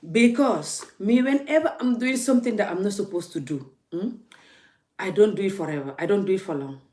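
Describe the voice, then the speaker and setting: A woman's voice: medium pitch, brisk, a little mellow. A woman vlogging into her phone, emphatic and laughing, often repeating her words. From Gambia. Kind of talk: casual ranting vlog.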